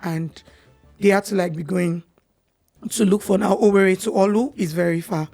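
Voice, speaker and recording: A young Nigerian woman, a podcast guest, telling her personal story in a candid, animated way. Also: mid-range voice, moderate pace, soft background music.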